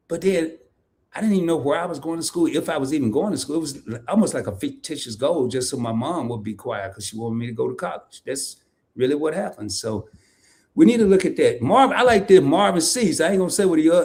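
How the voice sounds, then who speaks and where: Guy hosting a live stream, kinda high voice, joking around and teasing. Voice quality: loud laughing bursts, playful teasing. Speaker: host. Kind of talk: casual live-stream chat.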